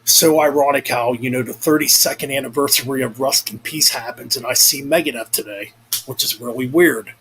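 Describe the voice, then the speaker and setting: A man's voice: medium pitch, fairly quick, fairly bright tone, slight background noise, low-quality recording. A young man rambling casually in a vlog, cursing freely and correcting himself as he goes. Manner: rambling, profane, self-correcting. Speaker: vlogger. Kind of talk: casual chat.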